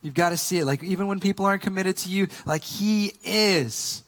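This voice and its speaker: Male pastor, slightly higher voice, relaxed conversational sermon with lots of fillers, shifts from hushed to animated. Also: fairly quick, in a large hall. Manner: casual, conversational storytelling with many fillers; swings between quiet earnest points and lively, loud retellings.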